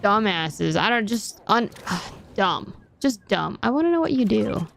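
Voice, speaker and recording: A woman's voice: medium pitch, sing-song, unhurried, creaky, fairly bright tone. A young woman streamer chatting casually and rambling to herself as she plays a game. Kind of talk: casual chat while gaming.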